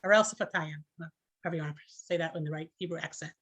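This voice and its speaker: A woman's voice: low-pitched, level tone, very fast, a little mellow, slightly rough. A woman teaching an informal class, chatty and conversational, with many fillers and restarts.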